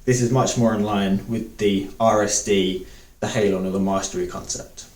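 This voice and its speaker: A man's voice: lowish voice, fairly even intonation, normal speed, a little mellow, reverberant, distant mic. A man reviewing a guitar part, talking with enthusiasm and doubling words for emphasis. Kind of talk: product review talk to camera.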